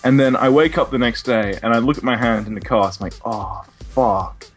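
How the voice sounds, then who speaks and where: A young Australian man co-hosting a podcast tells a story in a sweary, laughing way, a casual storytelling chat. His mid-range voice is fairly quick and slightly rough, with soft music playing in the background.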